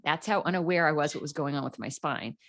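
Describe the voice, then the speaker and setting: Casting note: middle-aged woman guest, slightly low voice, animated storyteller doing quoted voices. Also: fast. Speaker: podcast guest. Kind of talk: casual storytelling interview.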